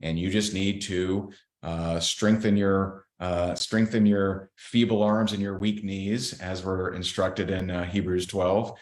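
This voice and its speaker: A man's voice: deep voice, level tone, slow pace, few pauses, darkish tone. A man guest on a podcast, candidly telling a faith story in an earnest, blunt way. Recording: roomy echo.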